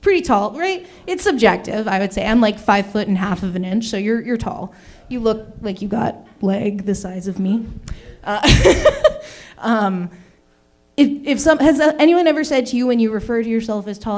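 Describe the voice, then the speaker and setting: A woman's voice: fairly high pitch, moderate pace, darkish tone. A young woman doing an open mic stand-up set in a small comedy venue, rambling and self-mocking as she chats with the crowd. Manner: keeps saying "oh my goodness". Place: small comedy venue in front of a live audience.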